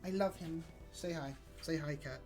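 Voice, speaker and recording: A man streaming a game from home on a desk microphone, chatting in a loose, rambling, excitable way with laughs and casual swearing. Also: fairly high pitch, moderate pace. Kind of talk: casual live-stream chat while playing a game. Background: faint chill background music.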